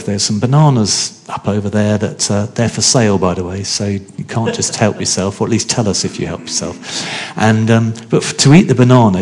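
Male preacher, lowish voice, easy conversational sermon that keeps checking in with the room. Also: a little mellow. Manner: conversational, asks the congregation questions.

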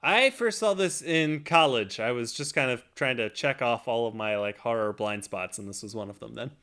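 A man co-hosting a movie podcast, chatty and quick to laugh, quizzing his co-host about trivia. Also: medium pitch, sharp tone. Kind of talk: casual chat about films.

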